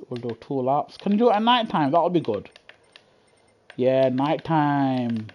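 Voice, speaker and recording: A man's voice: mid-range voice, animated, unhurried, a little mellow, soft background music. A man streaming a racing game live, chatting to viewers casually in slang and repeating himself. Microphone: gaming headset.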